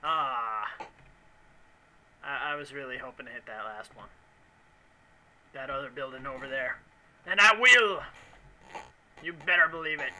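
A man's voice: mid-range voice, steady tone, normal speed, pauses often, bright, forceful tone, rough recording. A man commenting on a video game he is playing, in rambling, mock-angry, jokey rants. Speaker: let's play commentator.

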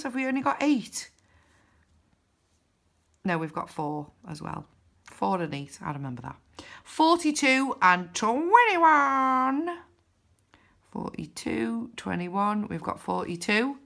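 A woman's voice: mid-range voice, animated, normal speed, vocal fry. A woman giving casual commentary as she scratches cards, counting numbers aloud with little cheers and groans. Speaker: scratch card vlogger.

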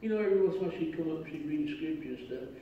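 A man, preaching a sermon as pastor, telling a story and moving between quiet talk and shouting. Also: on the high side, animated, racing, lo-fi sound. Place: church sanctuary. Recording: echoey church room from far off, faint noise.

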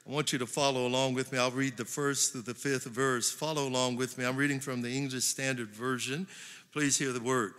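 A man pastor preaching a sermon, building to emphatic slow stresses. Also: mid-range voice, steady tone, fairly bright tone. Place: large church hall. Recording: long church hall reverb.

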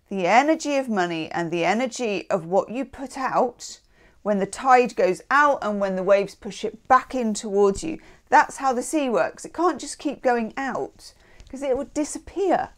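A woman's voice: on the high side, animated, moderate pace. A woman giving a casual, chatty tarot reading. She is encouraging and often checks in with "okay?". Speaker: tarot reader.

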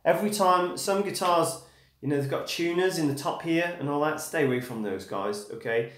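A man's voice: a little high, normal speed. A man with an English accent teaching guitar on a live stream, talking casually and checking in with viewers. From England. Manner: casual and encouraging, checks in with "okay?", calls viewers "dude" and "man". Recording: echoey room with guitar playing.

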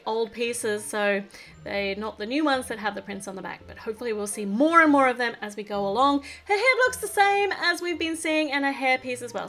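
A woman from Australia hosting a toy unboxing, chatting in a bubbly, giggly way and gushing with excitement over each piece. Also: sits high. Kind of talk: casual unboxing chat.

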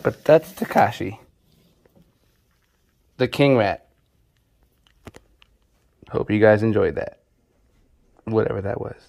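A man casually chatting on a vlog as he shows his snakes, talking softly and coaxing them. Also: fairly low pitch, takes it slowly, creaky, long pauses. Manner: laid-back, talks softly to his snakes. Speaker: snake keeper showing his collection. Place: indoor snake room.

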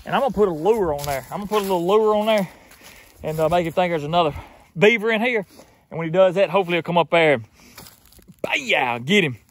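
A man's voice: high voice, fast, no echo. A middle-aged man with a Mississippi Southern accent, rambling folksily to viewers while setting beaver traps outdoors on a farm. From southern United States. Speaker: trapper vlogger. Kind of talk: casual outdoor vlog. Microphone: phone on a tripod. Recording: noisy outdoor phone recording.

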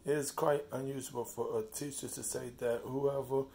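A man reading a devotional slowly, stopping and restarting often, then talking fondly to his cat at home. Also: mid-range voice, flat delivery, creaky. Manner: slow, halting reading with restarts; fond, soft talk to his cat.

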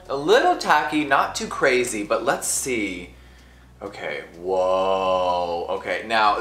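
A man's voice: fairly low pitch, fairly bright tone, reverberant. A man vlogging casually to camera as a beauty creator, sassy and giggly, swearing casually as he chats from a hotel room.

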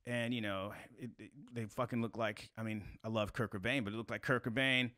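A man in his thirties from South Carolina, a podcast guest telling a story in a casual, animated way, swearing freely. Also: brisk, no room sound, clean studio sound. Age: 30s. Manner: animated, swears a lot, rising to high exclaims.

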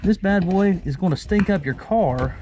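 A man's voice: high-pitched, lively intonation, normal speed. A man hosting a casual car repair tutorial, explaining steps and muttering at stubborn parts as he works in a garage. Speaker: garage DIY host. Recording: clanking workshop noise behind.

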